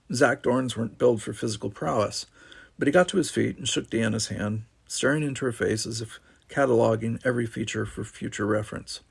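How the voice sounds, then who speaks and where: A man's voice: medium pitch, vocal fry, breathy edge. A man reading a novel aloud, with wry casual asides. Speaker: audiobook narrator.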